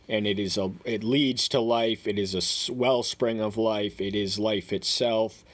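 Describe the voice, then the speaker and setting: A man giving verse-by-verse Bible commentary, talking in a halting way with many fillers and restarts, and reading each verse aloud in a raised voice. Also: lowish voice, steady tone. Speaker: Bible teacher.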